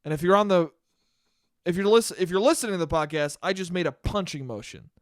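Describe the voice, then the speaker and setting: A man's voice: high-pitched, fairly quick, dry recording, clean studio sound. A man hosting a solo podcast and telling a rambling story, cursing often and restarting his sentences. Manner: profane, rambling, with many restarts. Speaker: podcast host.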